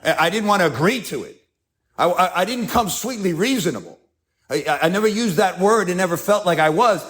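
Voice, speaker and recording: A man's voice: high voice, lively intonation, a little fast, fairly bright tone. A man with a New York accent telling his story as a speaker at a recovery meeting, acting out scenes with self-mocking humor.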